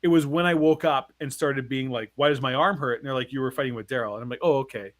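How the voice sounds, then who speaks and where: A man in his forties co-hosting a podcast talks fast in a medium-pitched voice on a dry recording. Spinning a long personal story in casual conversation, he gets animated, swears, and performs the quoted voices.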